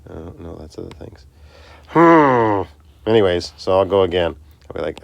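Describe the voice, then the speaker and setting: A man's voice: low voice, fast, creaky, no room sound. A man teaching a recorded math lesson, chatty and self-interrupting, talking students through each step.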